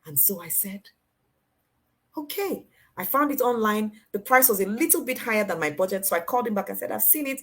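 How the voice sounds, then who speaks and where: A woman, telling a personal story in an animated way and repeating phrases for effect. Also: mid-range voice, fast, few pauses. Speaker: motivational speaker.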